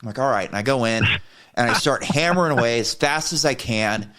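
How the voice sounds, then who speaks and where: A man's voice: medium pitch, fairly quick. Man ranting through a podcast story. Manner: profane, heated retelling of an argument; animated when quoting himself. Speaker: podcast co-host. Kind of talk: casual storytelling chat.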